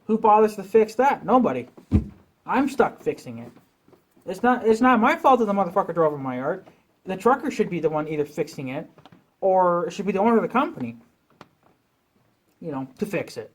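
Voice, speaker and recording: A man's voice: high voice, very animated, fairly quick, pauses often. A man venting in a rambling, profane rant as a vlogger, talking casually to his viewers.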